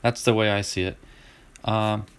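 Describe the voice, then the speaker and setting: Middle-aged man, Southern US accent, relaxed chat as a card-breaking streamer, restarts a lot and laughs along. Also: on the low side, a little slow, clear, resonant tone. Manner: chatty, laughs easily, restarts and trails off. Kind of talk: casual chat.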